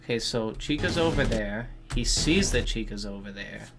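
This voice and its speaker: A man giving casual, excitable reaction commentary on a game trailer, swearing freely and thinking out loud. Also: medium pitch, normal speed, gravelly, background noise. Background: game trailer music.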